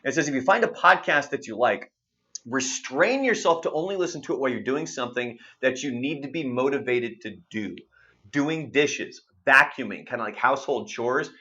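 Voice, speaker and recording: This radio host, a man in his thirties, speaks at normal speed in a mid-range voice, with the recording's highs cut off. His online-segment chat is casual storytelling, lively and full of swearing and acted-out quotes.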